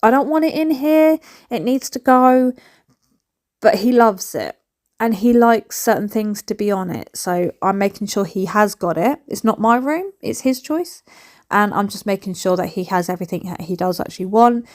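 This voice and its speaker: A woman, vlogging chattily and excitably from a bedroom at home while she tidies up. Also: mid-range voice, normal speed. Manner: excitable, rambling, chats while tidying.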